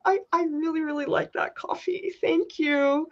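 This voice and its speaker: A woman art teacher hosting a casual livestream, gushing with excited exclamations. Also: high-pitched, normal speed, dull audio.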